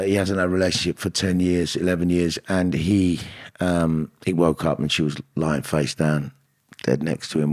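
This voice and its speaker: A man telling personal stories in an interview, animated and acting out the voices of people he quotes, with frequent restarts. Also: deep voice. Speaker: actor and guest. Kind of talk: candid interview storytelling.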